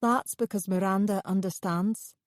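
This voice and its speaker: A woman's voice: mid-range voice, fairly even intonation, moderate pace, no echo, clean studio sound, lightly acted. A woman voicing a bitter, menacing male artist in an audiobook, congenial on the surface and snarling underneath.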